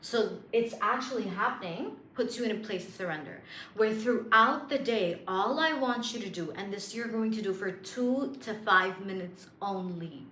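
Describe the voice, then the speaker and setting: A woman's voice: mid-range voice, normal speed, a bit bright, reverberant, slight background noise. A woman coaching viewers on manifestation in a chatty, playful way, with lots of fillers and self-amused asides. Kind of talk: casual spiritual coaching monologue.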